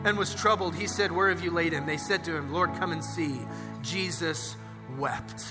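A male pastor preaches with a fairly high voice, moving from hushed asides to loud, drawn-out emphasis. His words ring out with a long hall reverb, and music plays clearly underneath. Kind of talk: sermon. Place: church.

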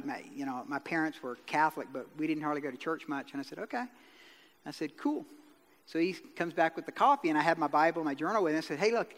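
A man's voice: sits high, fairly bright tone. A middle-aged man preaching a sermon as pastor, telling a story in a folksy way and acting out the dialogue. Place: church sanctuary. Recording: long reverb of a church hall.

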